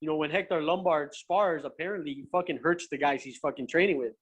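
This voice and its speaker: High-voiced profane young man telling stories. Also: fast talker, slightly rough. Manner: profane, animated, stumbling restarts. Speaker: guest, pro MMA fighter. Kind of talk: casual chat, storytelling.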